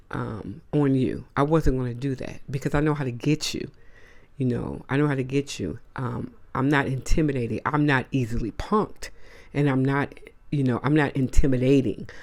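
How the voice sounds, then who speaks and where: A woman's voice: a bass voice, darkish tone. A woman hosting a casual monologue to camera, blunt and emphatic, with slangy asides. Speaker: host.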